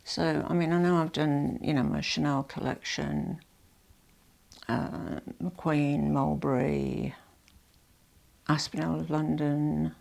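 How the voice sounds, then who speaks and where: A woman's voice: low-pitched, expressive, takes it slowly, vocal fry, a little mellow. An older retired woman chatting casually to camera as a fashion vlogger, rambling and correcting herself as she goes. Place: at home.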